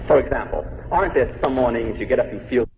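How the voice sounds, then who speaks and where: A man's voice: mid-range voice, animated, quick pace. A man lectures a live audience with jokes and rhetorical questions, his voice rising and falling. The sound is a dull, muffled old tape with a faint hiss. It was recorded in an echoey hall with a long reverb. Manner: joke-telling, poses rhetorical questions to the audience. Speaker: public lecturer. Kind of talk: humorous public lecture.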